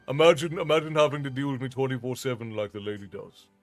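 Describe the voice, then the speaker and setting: A man's voice: mid-range voice, brisk, faint music behind. A man reading a story aloud on a livestream, theatrical and dramatized, chatting between passages. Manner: animated, theatrical.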